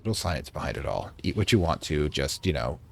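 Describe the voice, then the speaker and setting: A man's voice: a bass voice, sing-song, a little fast, gravelly, breathy edge. A man hosting a let's play, making chatty, wry asides while reading through a horror game. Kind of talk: gameplay commentary.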